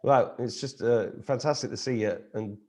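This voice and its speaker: A man's voice: medium pitch, a little mellow. Easygoing middle-aged male host. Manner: easygoing, unhurried, lots of "you know". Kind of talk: casual video-call conversation. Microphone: video call.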